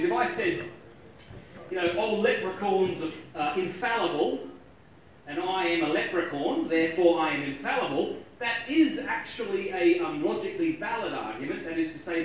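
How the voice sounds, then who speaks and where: A man giving a joking, lively talk on logic to a live audience, often chuckling at his own jokes. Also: high-pitched. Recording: echoey hall, distant mic.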